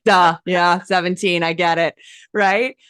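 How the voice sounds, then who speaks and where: A woman guest telling her story in an interview, lively and emphatic, acting out quoted dialogue as she goes. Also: lowish voice, slow, smooth, dry recording, studio quality. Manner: animated, acts out quoted dialogue; emphatic and enthusiastic. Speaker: hypnosis coach and guest.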